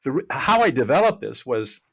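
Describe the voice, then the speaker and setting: A man's voice: mid-range voice, very animated, fairly quick, vocal fry, a bit bright, husky. A man speaking as a podcast guest, earnest and explanatory, with a mid-range voice. The sound is dry and close, with no room echo. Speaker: guest, mediator and trainer. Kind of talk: podcast interview.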